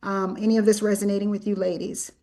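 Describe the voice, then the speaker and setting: A woman's voice: medium pitch, little pitch movement, quick pace, mellow. A woman hosting a conversation, chatty and loose, circling her questions with fillers and restarts before getting to the point. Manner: chatty, rambling with fillers and self-corrections, laughs easily. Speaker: host. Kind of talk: casual conversational interview.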